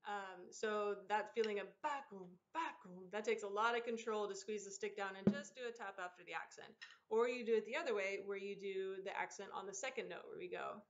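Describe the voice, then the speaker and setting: A woman teaching an online drum lesson, explaining patterns in a relaxed, encouraging way and counting aloud. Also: medium pitch, fairly quick. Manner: counts aloud and vocalizes rhythms over drumming. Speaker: percussion teacher. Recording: dull lo-fi sound with loud drumming behind. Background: loud percussion.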